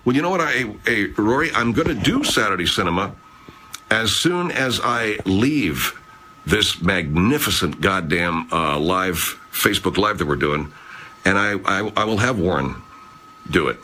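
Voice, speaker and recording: A man's voice: sits low, expressive, measured pace, sharp tone, a little hiss or hum. A man hosting a casual live chat, rambling, swearing, and reading out viewer comments. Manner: rambling, profane, chatty. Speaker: livestream host.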